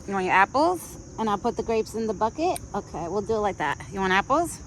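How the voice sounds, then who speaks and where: Out in a rural yard, with crickets chirping, faint outdoor ambience, and a slight hiss, a gentle vlogger feeds a wild deer. Her medium-pitched voice shifts from lifted, sing-song baby talk for the animal to easy, unhurried, chatty asides for viewers in this casual vlog narration.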